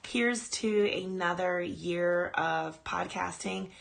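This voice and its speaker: A woman's voice: fairly low pitch, takes it slowly, creaky. A woman podcast host casually telling a personal ghost story on a live stream, rambling and chatty. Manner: chatty, rambling, breaks off to coo at her dog.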